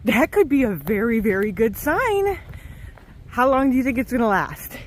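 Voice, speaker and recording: A woman thru-hiker vlogging outdoors on a mountain trail into a handheld camera, a chatty, animated storyteller. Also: a little high, moderate pace. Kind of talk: casual trail vlog.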